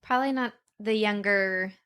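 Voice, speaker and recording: A woman's voice: mid-range voice, normal speed, a bit bright, clean tone. A woman co-hosting a casual podcast, bubbly and teasing, laughing easily. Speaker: podcast co-host. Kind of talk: casual chat.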